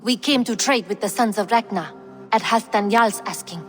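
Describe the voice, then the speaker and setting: A woman's voice: medium pitch, moderate pace, big-room sound, soft background music, close to an everyday voice. An actress playing a forthright woman merchant freed from captivity in a video game. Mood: defiant. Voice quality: bold, forthright.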